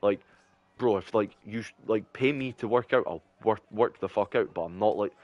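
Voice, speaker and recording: A man's voice: lowish voice, moderate pace, dry recording, dull audio. A young Scottish man streaming and chatting casually, rambling with heavy swearing and lots of fillers. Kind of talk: casual chat.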